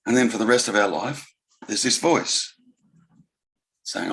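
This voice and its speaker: A man giving an unhurried spiritual talk, pausing often and musing gently. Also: fairly low pitch, vocal fry. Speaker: spiritual teacher. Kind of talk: slow reflective talk.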